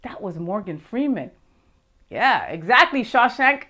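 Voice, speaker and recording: A woman's voice: fairly high pitch, big pitch swings, a little slow, bright, forceful tone, lo-fi sound. A woman hosting a talk show, bubbly and gushing, slipping in Spanish phrases. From Miami area.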